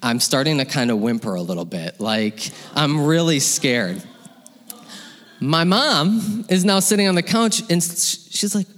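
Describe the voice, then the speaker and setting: A man telling a personal story live on stage, lively and laughing, acting out the voices of his parents. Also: fairly high pitch, measured pace. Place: hall with audience. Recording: long hall reverb.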